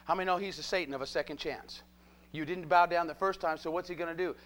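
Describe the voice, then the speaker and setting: A man preaching a fervent sermon in a high voice. He calls out to the congregation and expects answers, circling back to the same exclamations. His phrasing is rhythmic and repetitive. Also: steady tone, fast talker, fairly bright tone. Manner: fervent, call-and-response with repeated exclamations.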